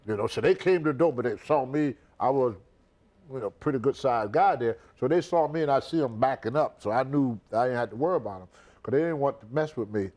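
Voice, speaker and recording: In a shoot interview, a retired wrestler from the United States, now an older man, tells a story with animation, repeating words and acting out other people. His medium-pitched voice moves a little fast.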